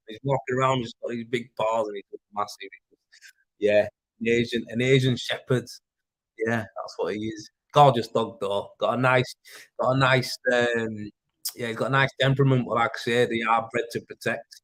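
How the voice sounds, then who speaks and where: Speaking through a plugged-in desk microphone with poor sound, this livestream host has a Yorkshire accent and a mid-range, steady, somewhat bright voice at a normal pace. He chats and rambles through viewer comments, dropping fillers and swear words along the way.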